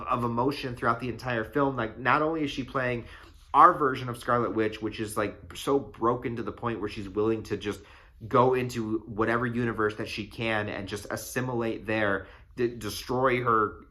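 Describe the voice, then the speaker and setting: Young guy hyped up reviewing a movie, swears a lot, bright edgy voice. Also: medium pitch. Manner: excited, profane, rambling with fillers. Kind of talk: casual spoiler review.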